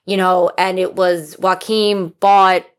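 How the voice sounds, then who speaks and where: Excitable swearing woman co-host. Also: lowish voice, slow pace. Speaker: podcast co-host. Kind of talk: casual chat.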